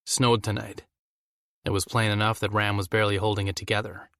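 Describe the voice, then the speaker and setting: A man narrating a fantasy audiobook in a steady, measured way. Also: fairly low pitch, smooth, no room sound, studio quality. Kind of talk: scripted narration.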